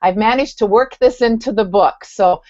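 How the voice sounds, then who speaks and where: A woman's voice: a little high, normal speed, dark tone, dry recording, lo-fi sound. A Scottish woman author, chatting enthusiastically with many ums and then reading from her book. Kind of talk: casual talk and book reading. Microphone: video call.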